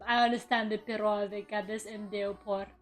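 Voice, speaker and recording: A woman's voice: medium pitch, flat delivery, moderate pace, faint music behind. A young adult woman streaming while she draws, chatting playfully with viewers, muttering to herself as she works and bursting into dramatic shrieks. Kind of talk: casual live-stream chat while drawing.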